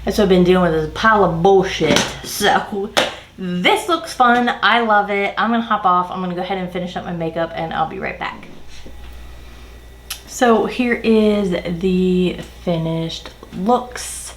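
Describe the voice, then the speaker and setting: A woman's voice: on the low side, measured pace, reverberant, slight background noise, rough recording. A woman makeup vlogger chatting casually while doing her makeup, ranting in an exasperated way and swearing casually.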